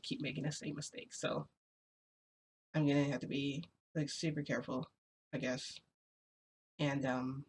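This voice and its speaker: A vlogger venting casually to viewers, rambling and confessional with lots of restarts and fillers. The voice has a gravelly, creaky edge at a middling pitch. Faint noise hums beneath it. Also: a bit bright. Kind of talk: casual vlog chat, venting.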